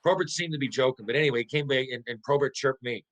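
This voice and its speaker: A man's voice: fast, poor audio. A middle-aged man, a former pro hockey player, telling a casual anecdote as a podcast guest, swearing freely and tripping over restarts. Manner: lively, profane, stumbling restarts, jumps into high voices for quotes.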